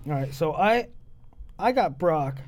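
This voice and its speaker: A man with a high, very animated voice hosts a casual sports chat. He teases his partner and makes quick picks. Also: soft background music. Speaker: co-host.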